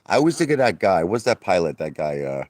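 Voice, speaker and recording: A man chatting casually on a livestream, rambling and boastful, sometimes laughing and putting on a mock falsetto. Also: big pitch swings, quick pace, darkish tone. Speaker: livestream host. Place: outdoor hot tub at night.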